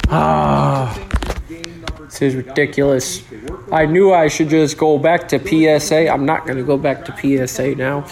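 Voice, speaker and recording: A man hosting a casual solo podcast, joking around, swearing a lot and breaking into sudden yells. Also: on the high side, steady tone, normal speed, creaky, a crowd in the background. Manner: profane, joking, with sudden yelling outbursts. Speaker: podcast host.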